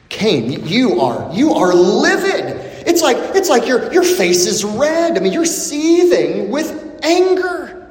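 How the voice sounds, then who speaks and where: A man's voice: extremely high pitch, unhurried, reverberant, long reverb tail. A man, a pastor, preaching a biblical teaching sermon, building emphasis as he goes. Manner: expressive preaching with rising emphasis and many restarts.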